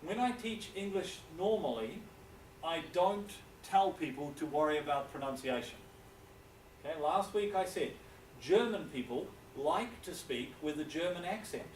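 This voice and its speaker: A male lecturer with a New Zealand accent talks slowly and deliberately in a slightly high voice. He checks in with his listeners again and again. The recording comes from a distant mic in an echoey room, with faint background hiss. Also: animated. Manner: deliberate, checks in with frequent "okay?". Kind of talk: classroom lecture.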